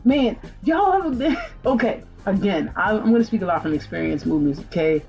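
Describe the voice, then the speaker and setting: A woman's voice: medium pitch, animated, brisk, creaky, darkish tone, lo-fi sound. A woman hosting a music channel, breaking down song lyrics in a chatty, slangy way with rhetorical questions. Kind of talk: casual commentary on song lyrics.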